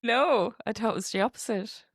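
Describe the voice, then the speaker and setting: A woman's voice: on the high side, moderate pace, husky, no echo, clean studio sound. A woman co-hosting a casual podcast, chiming in with incredulous agreement and short laughs. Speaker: podcast co-host.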